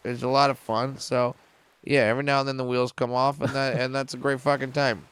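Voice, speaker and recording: A middle-aged man spins stand-up stories in a casual podcast chat, his voice smooth and resonant. He swears freely and leaps higher in pitch when he hits a punchline. The sound is close and dry. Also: fairly quick, dry recording. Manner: animated, profane, jumps way up in pitch for punchlines. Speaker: comedian guest.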